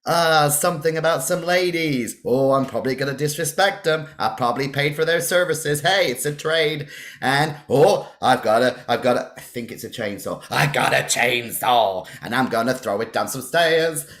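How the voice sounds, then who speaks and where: A man's voice: medium pitch, normal speed, fairly bright tone. A man performing an improvised comedy monologue, rambling and playful with chuckling asides.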